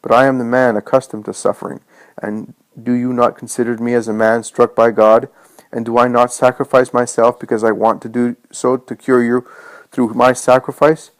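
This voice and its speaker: A gentle, loving savior speaks in a solemn, tender manner, read by a man. The voice sits at a middling pitch and sounds dry and close. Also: level tone, moderate pace, dry recording, lightly acted, rough recording.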